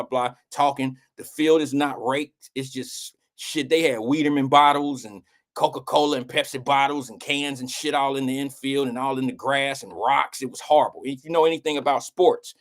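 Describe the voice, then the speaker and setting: Middle-aged guy hosting, telling a story, swears a lot, does the voices of people he quotes. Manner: animated, acts out quotes with swings in pitch; blunt, swears casually. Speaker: host. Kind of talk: casual storytelling.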